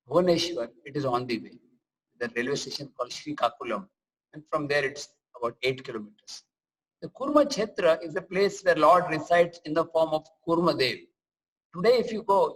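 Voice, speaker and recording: A man's voice: a little high, fairly bright tone, husky, low-quality recording. A man giving a scripture lecture, telling stories and chanting verses. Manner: storytelling, chants and sings verses. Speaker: preacher.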